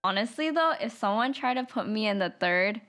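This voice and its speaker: A young woman hosting a stream, reacting to guests' stories in a relaxed, teasing way. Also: mid-range voice, fairly quick. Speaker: streamer host. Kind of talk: casual chat.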